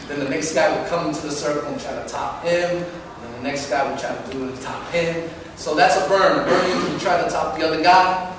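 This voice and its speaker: A man, telling stories in a casual interview in an animated, rambling way with many restarts. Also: a little high. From Manhattan, New York. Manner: animated, acts out quoted voices, rambling restarts. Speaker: dancer being interviewed. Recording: echoey, distant and noisy.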